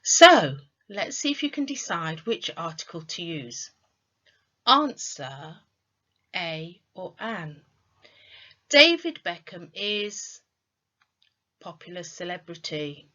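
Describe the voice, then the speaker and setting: A woman teaching an online lesson, speaking slowly and clearly and quizzing her students. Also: fairly low pitch, sing-song, sharp tone, muffled recording. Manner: slow, clear teacher's delivery with quizzing questions. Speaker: English tutor.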